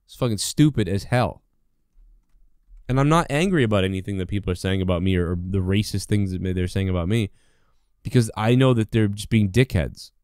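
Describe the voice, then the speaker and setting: A man's voice: fairly low pitch, a little mellow, no echo. A man rants through a solo podcast episode, swearing often and circling back on himself. His talk is packed with fillers and restarts, sounding indignant yet casual. The recording is dry and close. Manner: profane, rambling, indignant, full of fillers. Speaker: podcast host. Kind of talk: solo rant.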